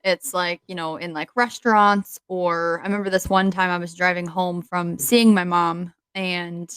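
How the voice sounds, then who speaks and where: A woman's voice: fairly low pitch, level tone, moderate pace, fairly bright tone, smooth, dry recording, low-quality recording. A young woman co-hosting a podcast, chatting casually with a rambling, giggly manner and many fillers. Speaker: podcast co-host. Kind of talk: casual chat.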